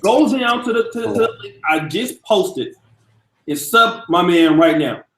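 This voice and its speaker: Echoey, high-pitched live-stream host. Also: male voice, expressive, a little slow, a bit bright. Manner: loose, profane, hypes up the audience. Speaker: livestream host. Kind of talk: casual live-stream chat.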